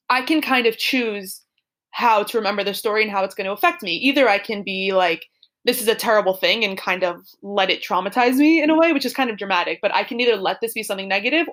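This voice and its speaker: A woman's voice: medium pitch, a bit bright. A young woman co-hosting a podcast, telling a personal story in a chatty, giggly way full of "like" and "super". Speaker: podcast co-host.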